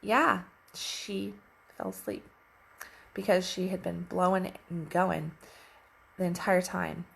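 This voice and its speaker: A woman relationship coach telling a story in casual coaching talk, animated and emphatic, with lots of repetition. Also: fairly low pitch, vocal fry, a little hiss or hum.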